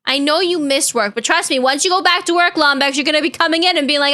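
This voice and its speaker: A woman's voice: sits high, quick pace, bright, forceful tone. A young woman streamer chatting casually and playfully with her viewers, caring and chatty. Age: young adult. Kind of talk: casual reaction-stream chat.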